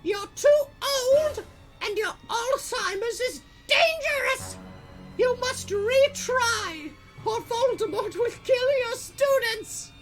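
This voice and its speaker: A man voicing a shrill female school official who scolds in a squeaky falsetto. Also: expressive, takes it slowly, fairly bright tone, soft background music, full character voice. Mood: scolding.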